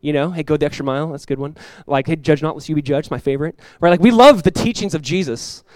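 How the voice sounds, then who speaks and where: Fast-talking, emphatic male pastor preaching. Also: on the high side, darkish tone, no room sound. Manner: emphatic preaching, voice climbs and swells when quoting scripture; conversational asides with quick restarts. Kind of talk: sermon.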